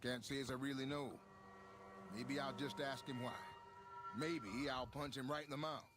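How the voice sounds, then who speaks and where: An actor playing a weary young wandering guitarist in a video game, speaking with a Texan accent and an easygoing drawl. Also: male voice, medium pitch, fairly even intonation, moderate pace, background noise, lightly acted. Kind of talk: video game character dialogue.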